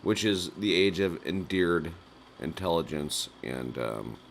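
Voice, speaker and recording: A man hosts a nightly call-in livestream in a deep, slow voice that swings widely up and down in pitch. He rambles through deadpan absurd bits and laughs at his own jokes. A faint hum of noise sits under his voice. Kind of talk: rambling absurdist live-stream chat.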